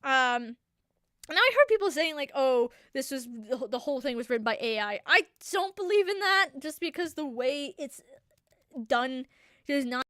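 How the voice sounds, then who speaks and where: Young woman solo-show host: high, swooping voice, loose, animated chatter, dry close mic. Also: normal speed, no room sound. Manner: animated, rambling, laughs often. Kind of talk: casual chat. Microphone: desk microphone.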